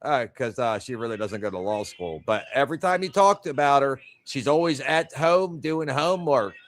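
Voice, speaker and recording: A man chiming in on a casual stream chat with crude, mocking remarks. He hesitates with fillers, his voice at a middle pitch. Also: expressive, moderate pace, fairly bright tone, no echo. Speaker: guest.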